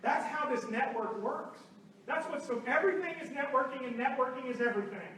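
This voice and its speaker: A man from Oklahoma telling lively stories as a speaker at a business meeting, speaking to a live room and acting out quotes. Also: extremely high pitch, brisk, a little hiss or hum. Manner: animated storytelling with acted quotes. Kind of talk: motivational talk to a live room. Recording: roomy far-off hall recording.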